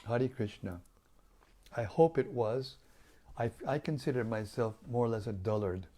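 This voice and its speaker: An older man with a raspy voice, speaking as a spiritual teacher in a gentle, humble, reflective way while chatting with listeners after a devotional reading on an online call. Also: mid-range voice, a little slow.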